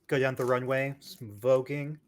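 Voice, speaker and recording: A man playing a tabletop role-playing game, describing his character's moves playfully with lots of pauses and fillers. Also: medium pitch, level tone. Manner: playful, halting, many fillers. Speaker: player. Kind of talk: casual tabletop play.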